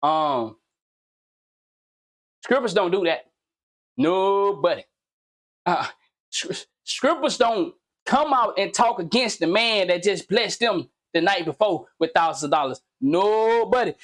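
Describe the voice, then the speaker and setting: A man's voice: high voice, lively intonation, takes it slowly, long pauses, fairly bright tone. A man hosting his own commentary video, talking casually and animatedly in slang, repeating himself and firing off pointed questions. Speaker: commentary channel host.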